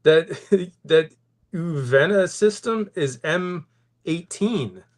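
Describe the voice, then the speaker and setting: A man co-hosting a casual podcast, excitable and quick to say "dude.". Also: fairly high pitch. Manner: excitable, says "dude" a lot. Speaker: podcast co-host. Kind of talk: casual chat.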